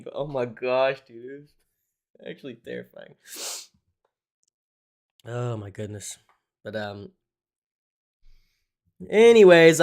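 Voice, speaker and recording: A man's voice: mid-range voice, smooth. Young guy streaming crypto charts, super casual, lots of dude and um, swears a bit, normal middle voice. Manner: casual, swears often, says "dude" and "um" a lot. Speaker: crypto livestream host. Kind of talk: casual livestream chart analysis.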